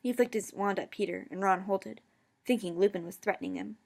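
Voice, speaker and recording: A woman reads her own story aloud in an even, middling voice. She stumbles over words and corrects herself as she goes. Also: mid-range voice, brisk. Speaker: fan fiction reader.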